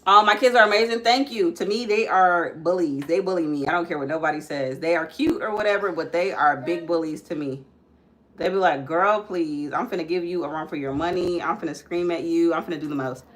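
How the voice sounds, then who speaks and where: A young woman with a bright, fairly low voice talks her way through a live makeup session. She is chatty and loose, full of ums, calling her viewers guys. Now and then she breaks off to tell her kids to put things back. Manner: frequent ums while working. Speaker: makeup vlogger and mother. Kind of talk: casual live-stream makeup chat.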